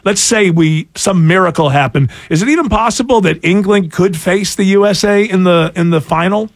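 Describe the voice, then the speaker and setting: Joking radio host man, gravelly high voice. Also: normal speed, no room sound. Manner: joking, playful banter. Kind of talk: casual radio talk.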